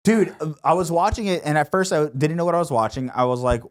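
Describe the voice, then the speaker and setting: A man's voice: a little high, expressive, fast talker, few pauses. A man co-hosting a podcast, telling stories casually with lots of fillers. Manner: loose storytelling, filler-heavy. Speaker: podcast co-host. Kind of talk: casual chat.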